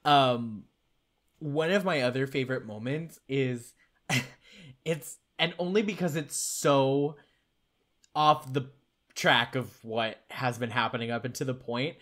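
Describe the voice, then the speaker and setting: A man co-hosting a casual podcast, a lively storyteller who laughs as he recaps scenes. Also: mid-range voice, slow. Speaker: podcast co-host.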